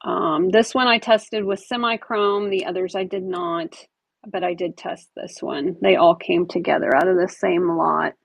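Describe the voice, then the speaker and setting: Running a live jewelry auction online, a woman chats easily while handling and describing each item. Her voice is gravelly with vocal fry, fairly low and fairly level in intonation, at a measured pace. The recording is dry and close with no room echo.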